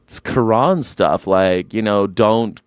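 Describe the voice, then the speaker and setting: A man's voice: on the low side, slow, clear, resonant tone, no room sound, clean studio sound. A man hosting a live news reaction show, talking in a sarcastic, irreverent way and swearing freely.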